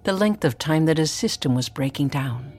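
A woman telling a personal story in a dramatic spoken-word style, often dropping into hushed whispers. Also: low voice, expressive, moderate pace, over music.

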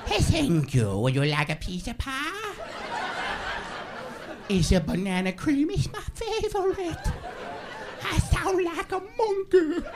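A male comedian voicing a silly high-pitched goofy man who squeals monkey-like nonsense, with audience laughter behind. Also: sing-song, slow, pauses often, background noise, heavily acted. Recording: live club set with crowd.

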